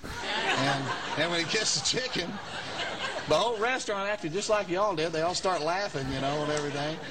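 A man spins a folksy, rambling tale for a live audience, chuckling as he goes. His voice sits a touch high for a man, with faint room ambience behind him. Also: moderate pace, noisy background. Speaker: storyteller on stage.

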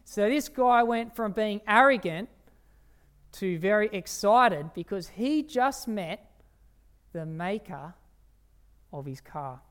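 A preacher giving an evening sermon in an emphatic way, slowing down on key phrases and asking the listeners rhetorical questions. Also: mid-range voice, expressive, fairly bright tone, clear, resonant tone.

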